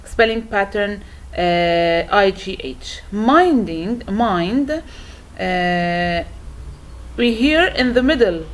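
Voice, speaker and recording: A woman teacher walking students through a worksheet, explaining slowly and carefully with frequent pauses and restarts. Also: mid-range voice, animated, a little hiss or hum. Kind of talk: worksheet walkthrough lesson.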